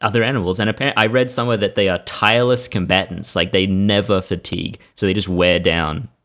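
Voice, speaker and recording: Podcast co-host, male, deep gravelly voice, eager fact-sharer. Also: fairly even intonation, fast talker, fairly bright tone. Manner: enthusiastic, trades animal facts with laughter. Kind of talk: casual chat.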